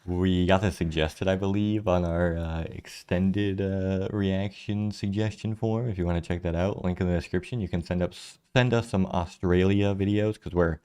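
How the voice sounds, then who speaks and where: A man co-hosting a reaction video, talking in a relaxed, halting way with many fillers. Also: sits low, clean tone. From United States. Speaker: reaction channel co-host. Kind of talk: casual reaction chat.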